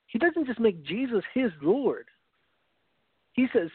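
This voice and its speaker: A high-voiced man preaches earnestly, telling a story and often restarting his phrases. The sound is dry and narrow, like it came over a phone line. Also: big pitch swings, takes it slowly, breathy edge, no room sound. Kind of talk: evangelistic teaching talk.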